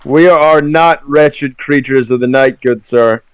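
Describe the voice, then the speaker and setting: A man's voice: mid-range voice, measured pace, clean tone, no room sound, close to an everyday voice, rough recording. A man voicing a courtly paladin lady. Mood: earnest. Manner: formal, courtly declaration. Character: noble paladin lady, earnest and proper.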